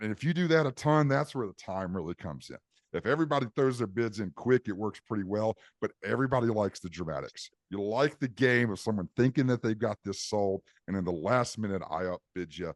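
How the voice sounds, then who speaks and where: A man's voice: fairly low pitch, animated, a little fast, dry recording, clean studio sound. A man co-hosting a podcast, chatting casually and explaining things at length with many restarts. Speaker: podcast co-host. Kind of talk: casual chat.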